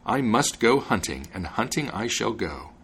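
A man's voice: on the low side, sing-song, moderate pace, a bit bright, husky, heavily acted. A man voicing a determined, headstrong young hunter in a storybook reading.

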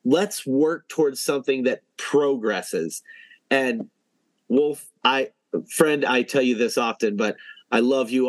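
A man's voice: mid-range voice, slow, no echo, rough recording. A man hosting a casual podcast interview, talking earnestly and repeating phrases for emphasis. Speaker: podcast host.

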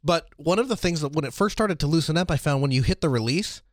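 A man's voice: fairly high pitch, lively intonation, fast, no room sound. A man co-hosting a casual podcast chat, talking eagerly about gear and tools. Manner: enthusiastic, tech and gear talk. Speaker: podcast co-host.

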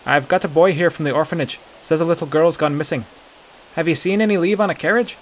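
A man's voice: fairly high pitch, quick pace, a little hiss or hum, pitched above the performer's own voice, close to an everyday voice. A man voicing a plain-spoken adult gate guard reporting matter-of-factly. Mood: calling. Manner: matter-of-fact, calling out.

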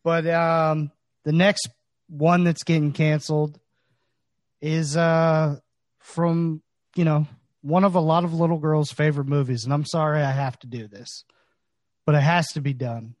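A man's voice: on the high side, level tone, measured pace, no echo. A man co-hosting a podcast in casual comedic chat, mock-serious and joking. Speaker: podcast co-host.

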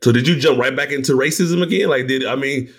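A man hosting a casual podcast interview, reacting with quick short remarks and playful teasing. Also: mid-range voice, husky. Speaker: podcast host.

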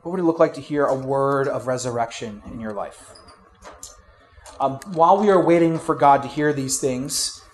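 A man preaching a sermon in a conversational way, with fillers and restarts, going from loud emphasis to quiet asides. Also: medium pitch, normal speed. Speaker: pastor.

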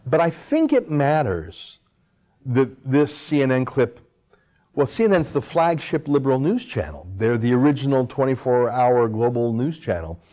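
A man's voice: medium pitch, big pitch swings, normal speed, warm tone. A man delivering an opinionated political monologue, full of sarcastic asides and rhetorical questions. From Canada. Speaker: political commentator host.

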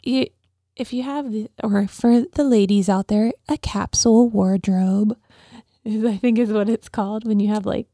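A woman's voice: mid-range voice, fairly even intonation, moderate pace, dark tone, dry recording, studio quality. A woman co-hosting a faith podcast, chatting casually with a hesitant, filler-laden manner. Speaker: podcast co-host.

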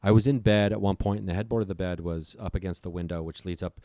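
A man's voice: low-pitched, little pitch movement, fast, dark tone, no room sound, clean studio sound. A young man telling a frightening story in casual conversation, vivid and profane, acting out what people said. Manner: vivid, profane, acts out voices. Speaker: storyteller guest.

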